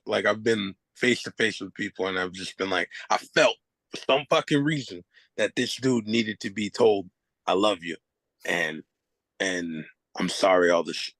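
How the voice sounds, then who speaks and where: A man, a hip hop artist, talking as a guest in a casual conversation, loose and expressive, swearing and laughing often. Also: lowish voice, dry recording.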